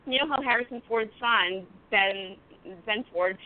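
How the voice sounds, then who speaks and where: A woman's voice: fairly high pitch, unhurried. A woman chef chatting loosely on a podcast, swearing and laughing as she tells stories. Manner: loose, profane, laughing storyteller. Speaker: guest chef. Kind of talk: casual podcast chat. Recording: phone-like lo-fi audio.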